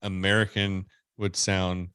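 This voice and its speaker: Low-voiced rambling male podcast host. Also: monotone, slow pace, pushed and bright, clean tone, no echo. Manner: rambling, restarts sentences often. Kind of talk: casual chat. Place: lives in Nashville.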